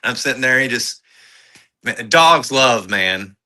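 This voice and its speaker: A man with a very bright, sharp voice at a middling pitch, chatting on a casual review show. He rambles, restarts phrases, and laughs between them. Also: animated, unhurried, rough recording. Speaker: podcast co-host. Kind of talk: casual film review chat.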